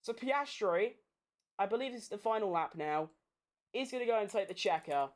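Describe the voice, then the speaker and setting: A woman commentating a race watchalong live, sweary and excitable. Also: mid-range voice, moderate pace. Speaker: streamer hosting a race watchalong.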